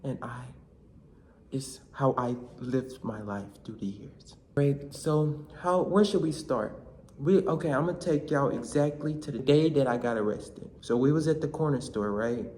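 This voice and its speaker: A young man vlogging, telling a comic story in casual slang with animated bursts. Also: mid-range voice, a little slow, slight background noise. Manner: animated, slangy, shouts in quoted lines. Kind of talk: comedic storytelling vlog.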